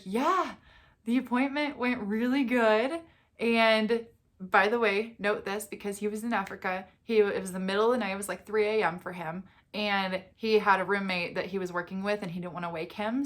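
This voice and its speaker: A young woman in a casual storytime vlog, telling her story in an animated way and acting out the quotes. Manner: animated storyteller, acts out quotes with big pitch jumps. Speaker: vlogger.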